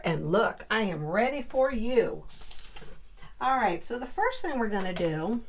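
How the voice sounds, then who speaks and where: A woman's voice: medium pitch, a little hiss or hum. A woman hosting a casual crafting tutorial, chatting upbeat with viewers as she works. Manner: chatty, upbeat, talks to viewers while working. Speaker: crafting video host.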